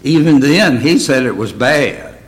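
A man's voice: medium pitch, animated, measured pace, low-quality recording. A man teaching a Bible study in a plain, conversational way, often asking his listeners questions.

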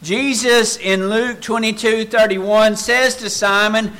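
A male preacher delivers a sermon at a slow, deliberate pace. His voice sits a bit high and rings bright and forceful. He swings between loud, raised passages and hushed, quiet ones. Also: steady tone.

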